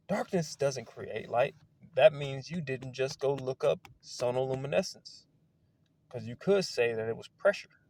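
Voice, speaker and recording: A man in a casual, rambling monologue outdoors, excitable and wandering, swearing now and then. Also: medium pitch, measured pace, slight background noise. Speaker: video creator. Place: outdoors among trees.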